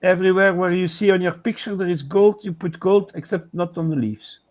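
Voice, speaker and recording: Male co-host, patient painting coach, casual stream chat, voice sits a touch high. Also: a little fast, a little mellow. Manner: patient, step-by-step instructing.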